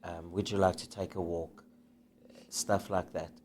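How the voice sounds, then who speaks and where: Male interview host, very low voice, tentative and halting when posing questions. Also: flat delivery, a little mellow, slight background noise. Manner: hesitant, restarts mid-question.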